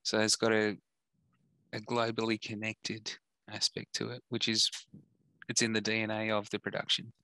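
An Australian man co-hosts a casual podcast, making his points in a measured, reasoned way. His low, even voice has a bright tone. The sound is dry and close. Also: no echo. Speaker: podcast co-host. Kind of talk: casual chat reviewing film trailers.

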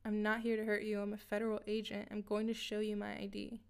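A woman reading the lines of a calm, reassuring male federal agent in a story narration. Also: mid-range voice, fast, vocal fry, smooth, natural voice.

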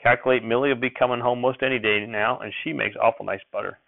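A man voicing a fussy, excitable old rural grandfather who talks in a folksy backwoods dialect and breaks into sharp scolding. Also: medium pitch, fast, vocal fry, no room sound, lightly acted. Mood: grudging. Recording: dry, thin phone-like sound.

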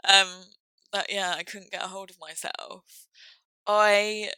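A young woman speaking candidly and reflectively about a personal experience, halting now and then with fillers. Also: mid-range voice, steady tone, bright, forceful tone, clean tone, dry recording, poor audio.

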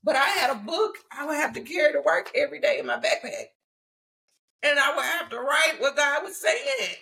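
A woman, hosting a casual faith talk. Her voice sits high and has a gravelly edge. She tells stories animatedly and laughs often. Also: moderate pace, pushed and bright. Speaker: podcast host.

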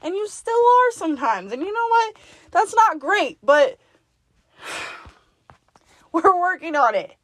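A woman with a high voice delivers a forceful, profane pep talk to herself, speaking in the second person. She is blunt and insistent. The recording is dry and close. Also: very animated, slow, long pauses, no echo. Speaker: podcast host. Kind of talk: self-directed pep talk monologue.

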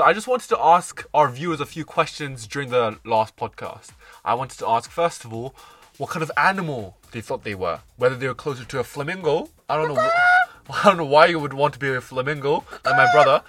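A man's voice: on the high side, big pitch swings, a little fast, fairly bright tone, soft background music. A young man from Britain co-hosting a podcast in jokey, playful banter. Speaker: podcast co-host. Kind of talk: casual chat.

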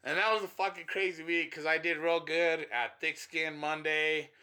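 High, bright-voiced animated storyteller man. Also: moderate pace, smooth. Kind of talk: casual chat.

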